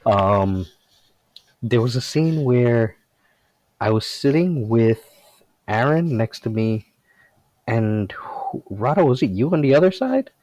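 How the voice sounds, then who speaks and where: A man's voice: medium pitch, expressive, slow pace, pauses often, a little mellow, no echo, poor audio. A man, a former cast member, telling a funny story from the set in casual chat, laughing often.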